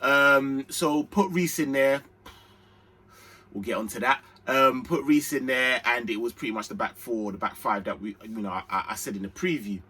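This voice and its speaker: A young man hosting an excitable, slangy fan reaction to a football match. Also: medium pitch, moderate pace, slight background noise. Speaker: football channel host.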